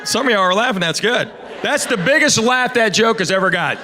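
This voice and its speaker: Animated and a little fast, a middle-aged Knoxville, Tennessee comedian with a high voice works a live comedy stage over a noisy background. His stand-up set is full of stories, quoted voices, and playful asides to the audience.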